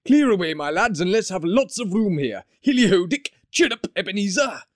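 A man's voice: very animated, moderate pace, no echo, studio quality. A man voicing a jovial, fat old merchant in an audiobook, calling out in a rich, hearty voice. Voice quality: rich, hearty, booming calls. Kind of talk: audiobook character voice.

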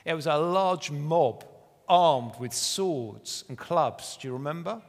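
Male preacher, slightly high voice, conversational sermon delivery, echoing church hall. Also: fairly bright tone. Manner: conversational, earnest storytelling with self-deprecating asides.

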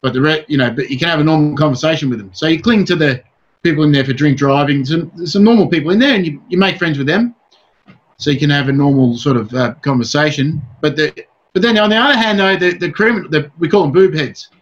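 An Australian man chatting as a guest, blunt and rambling, cursing freely in a somewhat high voice. The recording has a dull, lo-fi sound. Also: quick pace. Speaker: guest comedian. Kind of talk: casual interview chat.

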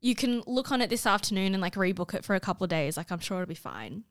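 A young woman quoting a reassuring male driving instructor in a calm, soothing way. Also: mid-range voice, fast talker, clean tone, no echo, clean studio sound, voice pushed down, close to an everyday voice.

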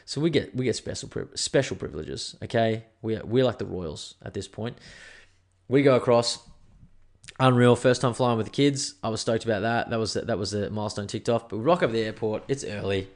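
A young Australian man, a podcast host, telling a story in a casual, animated and slangy way, swearing freely as he talks from home. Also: fairly low pitch, fairly quick. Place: indoors at home.

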